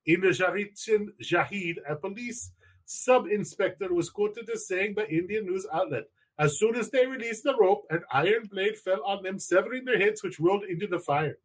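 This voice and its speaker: A man's voice: sits high, moderate pace, low-quality recording. A man co-hosting a casual podcast, telling stories with heavy swearing and reading a news article aloud. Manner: swearing, animated storytelling. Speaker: podcast co-host.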